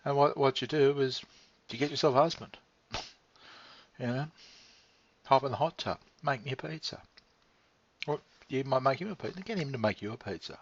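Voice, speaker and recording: This male vlogger talks at a medium pitch and normal speed, pausing often. His monologue wanders along in a laid-back way, with casual swearing and chuckles. The audio is dry, a little dull, and lo-fi.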